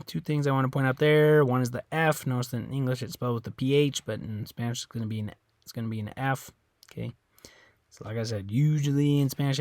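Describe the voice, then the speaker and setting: Man, Spanish teacher explaining pronunciation; patient, repeats and checks in, medium pitch, dry recording. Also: no room sound. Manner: patient, repeats "okay?" often, models words slowly. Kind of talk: classroom lesson explanation.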